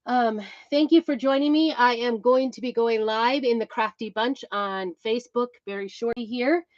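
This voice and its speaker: A middle-aged woman chats her way through a live crafting session, greeting viewers by name and filling pauses with ums. Her voice sits a little high, a touch breathless. The sound is dry and slightly dull, like a basic home setup. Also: no room sound. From Idaho, USA. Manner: chatty, greets viewers by name, many fillers. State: a bit out of breath. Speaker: crafting livestream host. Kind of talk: casual live crafting chat.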